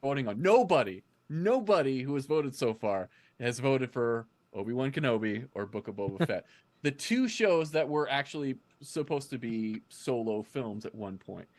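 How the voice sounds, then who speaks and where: A man's voice: medium pitch, big pitch swings, normal speed, few pauses, darkish tone. Chatty man explaining fan theories. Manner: chatty, restarts, explains at length. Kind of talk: casual fan discussion.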